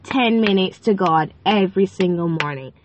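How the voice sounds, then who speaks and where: A woman's voice: medium pitch, normal speed, slight background noise. A woman hosting a casual faith-based podcast, talking in a chatty, rambling way full of fillers and playful asides. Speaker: podcast host. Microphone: phone.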